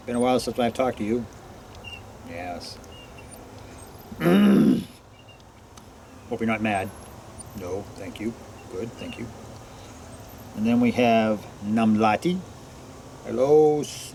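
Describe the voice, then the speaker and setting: A man vlogging outdoors in a forest, greeting unseen listeners one by one and answering for them in a quieter voice. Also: fairly low pitch, slight background noise. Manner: greets each name, then answers himself in a quieter voice. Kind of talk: casual talk to unseen listeners.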